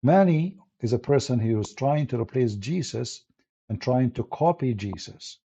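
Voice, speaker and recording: Gravelly man with an Arabic accent. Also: medium pitch, expressive, normal speed, warm tone. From Middle East. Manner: emphatic, combative, broken phrasing with restarts. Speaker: apologist hosting a live stream. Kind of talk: live stream monologue. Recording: dull lo-fi stream audio.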